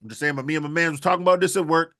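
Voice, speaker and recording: A man's voice: on the high side, steady tone, rapid-fire, bright, forceful tone. A man co-hosting a wrestling podcast, ranting in a profane, rambling comic riff. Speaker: podcast co-host. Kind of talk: comedic rant.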